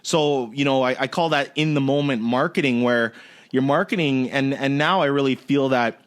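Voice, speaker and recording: A man's voice: mid-range voice, moderate pace. A man hosting a casual interview podcast, telling stories animatedly and acting out quotes. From Canada. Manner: animated storyteller, acts out quotes in a raised voice. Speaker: podcast host.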